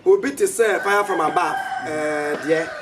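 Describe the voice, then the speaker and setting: Male interviewer, high lively voice, far mic, faint outdoor hiss. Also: normal speed. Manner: prompting, frequent murmured agreement. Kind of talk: interview questions.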